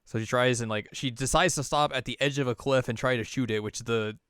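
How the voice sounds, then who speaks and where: A man's voice: mid-range voice, fairly even intonation, a bit bright, clear, resonant tone, no echo, studio quality. A man co-hosting a podcast, chatting casually through an anime episode recap and slipping into silly character voices. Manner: chatty retelling of scenes in quick silly character voices, laughs often. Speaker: podcast co-host.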